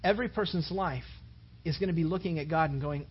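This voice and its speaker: Brief: male pastor, sermon, husky, fairly high, muffled recording. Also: fast. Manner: conversational, repeats words, builds to emphatic.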